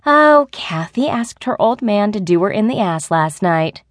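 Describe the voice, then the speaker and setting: A woman's voice: mid-range voice, lively intonation, measured pace, no echo, studio quality, pitched above the performer's own voice, lightly acted. A woman doing a blunt, chatty office friend.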